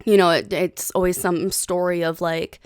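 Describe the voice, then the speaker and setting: A woman in her thirties hosting a podcast, chatting casually in an animated, heated way with plenty of swearing. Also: lowish voice, moderate pace, clear, resonant tone, dry recording, studio quality. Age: 30s. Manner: animated, profane, heated storytelling. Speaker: podcast host. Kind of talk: casual chat.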